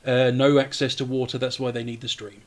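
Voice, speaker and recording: A man's voice: mid-range voice, little pitch movement. Man running a tabletop game. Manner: chatty, laughing, quick rulings. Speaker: dungeon master.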